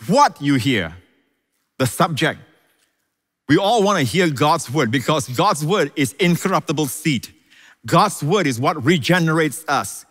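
A man's voice: a little high, fairly bright tone. A man preaching a sermon as pastor, emphatic, repeating key phrases and often exclaiming praise. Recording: reverberant hall.

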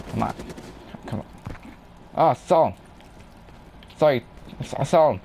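A man giving live gameplay commentary, excitable and trash-talking, breaking into sudden yelps. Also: medium pitch, moderate pace, gravelly, pauses often, a little hiss or hum. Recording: game gunfire behind voice.

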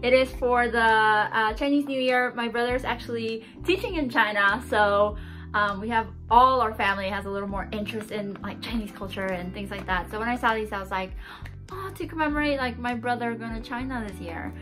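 A woman's voice: a little high, brisk, fairly bright tone. Gushing young woman, music behind. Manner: gushing, chatty, giggly. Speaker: channel host unboxing a mystery box. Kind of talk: excited casual unboxing chat. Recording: background music.

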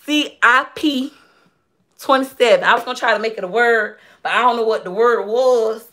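A woman. She talks straight to her viewers, warm-hearted and moved, sharing her faith with open emotion. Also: on the high side, normal speed. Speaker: livestream host and shop owner. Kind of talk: casual livestream chat.

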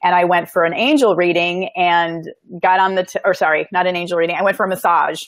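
A woman in a casual conversation, telling a personal story in an animated, earnest way and encouraging listeners on a spiritual path. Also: lowish voice, quick pace, no echo. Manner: animated storyteller, acts out quoted voices. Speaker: medium and show host.

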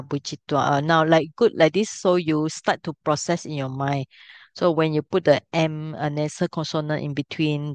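Speaking in a low-pitched voice with no echo, a middle-aged woman leads a language lesson. She walks through each step patiently and makes sure her students are keeping up.

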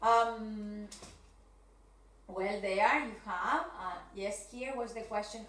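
Slow, bright-voiced teacher. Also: female voice, mid-range voice. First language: Spanish. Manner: slow and hesitant, checking in with "yes?" and "okay?". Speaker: English teacher. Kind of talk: recorded video lesson. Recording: echoey room, mic far away.

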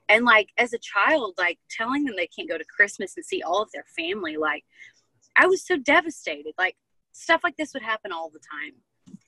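A woman's voice: fairly high pitch, very animated, moderate pace, creaky, pushed and bright, no echo, poor audio. A young woman talking as a guest, telling her personal testimony in an earnest, heartfelt way. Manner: earnest, heartfelt storytelling with many fillers. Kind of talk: personal testimony in casual chat.

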